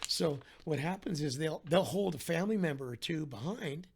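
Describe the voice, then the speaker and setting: A man's voice: on the high side, expressive, moderate pace, slight background noise. A man talking as a podcast guest, telling his story in an earnest, heartfelt way with frequent restarts. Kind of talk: candid conversational storytelling.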